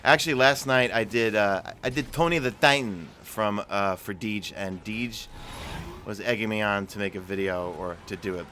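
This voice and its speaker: A man's voice: lowish voice, normal speed, sharp tone, a little hiss or hum. A man with a New York accent streaming a video game live, chatting casually and answering viewer questions while he plays. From New York City. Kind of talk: live gameplay commentary.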